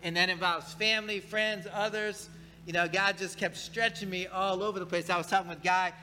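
A man's voice: sits high, steady tone, moderate pace, bright, forceful tone, a little hiss or hum, low-quality recording. A male pastor preaching a conversational sermon in church, talking casually, often repeating words and asking the congregation questions.

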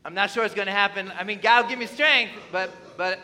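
A man's voice: high-pitched, quick pace, pushed and bright. A man preaching a sermon to his congregation, emphatic and conversational, often asking the listeners questions. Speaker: pastor. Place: church.

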